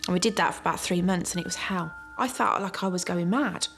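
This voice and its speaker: A woman's voice: fairly low pitch, fairly quick, creaky. A woman of forty, a mother of twins, speaking wearily and plainly in a documentary interview. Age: 40s. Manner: weary, plain-spoken recollection. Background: soft music.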